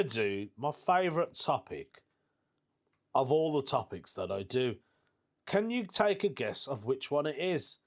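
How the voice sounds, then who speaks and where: A man's voice: medium pitch, sing-song, unhurried, faint music behind. A British man hosting a casual solo podcast, chatty and jokey, laughing often. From United Kingdom. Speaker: podcast host.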